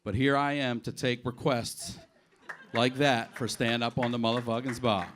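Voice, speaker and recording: A man from Baltimore doing improvised stand-up on a comedy club stage, telling profane, animated stories and acting out the quotes. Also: mid-range voice, moderate pace, noisy background. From Baltimore, USA. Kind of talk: improvised stand-up on audience requests.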